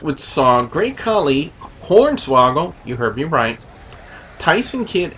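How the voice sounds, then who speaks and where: A man's voice: a little high, fairly bright tone, a little hiss or hum. A man giving a casual, rambling review of a wrestling show and rating each segment out of five, with lots of "uh" and "you know". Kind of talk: casual spoken review with scores.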